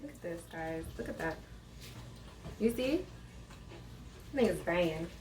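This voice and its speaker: A woman's voice: fairly low pitch, animated, a little slow, darkish tone, distant mic. A woman co-hosting a home cooking video, chatty and teasing, needling her partner. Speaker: cooking show co-host. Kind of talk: casual banter. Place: home kitchen. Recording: roomy room from afar.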